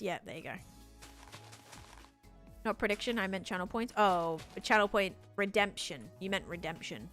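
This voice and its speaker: A woman's voice: mid-range voice, moderate pace, fairly bright tone, soft background music. An Australian woman chatting on a live game stream, thinking aloud as she builds and answers her chat.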